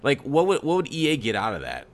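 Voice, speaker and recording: A man's voice: mid-range voice, wildly swooping pitch, quick pace. A man reasoning through an argument in a casual podcast debate, often restarting his sentences. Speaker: podcast co-host.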